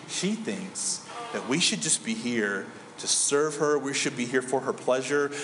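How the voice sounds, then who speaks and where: A man's voice: medium pitch, background noise. Conversational male pastor in an echoey hall. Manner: conversational, asks the audience questions. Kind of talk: sermon. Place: church hall.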